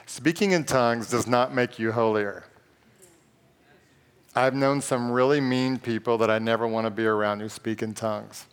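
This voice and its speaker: A pastor preaching a sermon in a conversational, joking way and reading scripture aloud. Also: male voice, medium pitch, steady tone, moderate pace, clear, resonant tone. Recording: long reverb of a large hall.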